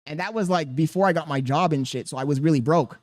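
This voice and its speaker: A young man hosting a podcast, telling a profane story in a casual, animated way. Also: a little high, fast talker, dry recording. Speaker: podcast host.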